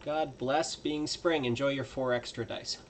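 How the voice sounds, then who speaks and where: A man playing a tabletop game, at times pitching goods like a salesman in character. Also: steady tone, measured pace. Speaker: player.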